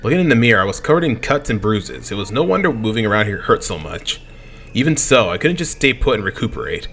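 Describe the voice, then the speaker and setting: Brief: young male let's play host, quick, lively reading of game dialogue, stumbles and self-corrects. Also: fairly low pitch, a little hiss or hum. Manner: animated, stumbling over words. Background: game music.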